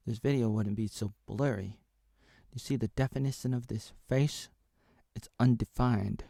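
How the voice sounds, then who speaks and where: A man in his thirties talks to his camera in a slow, meandering comic monologue full of absurd tangents. His voice has a gravelly rasp. The sound is dry and close. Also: mid-range voice, dark tone, dry recording. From Oregon, USA. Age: 30s. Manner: playful, absurd, drifts into whispers and silly voices. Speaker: video creator.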